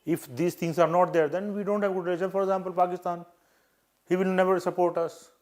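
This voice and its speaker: A man's voice: sits high, steady tone, a little fast, darkish tone. An older man with an Indian English accent, giving earnest, repetitive advice as an interview coach and acting out short exchanges. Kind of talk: live advice session.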